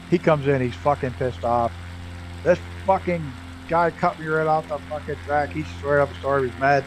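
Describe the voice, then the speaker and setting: A man's voice: medium pitch, poor audio. A man chatting casually while streaming a flight simulator, telling profane racing stories and laughing often.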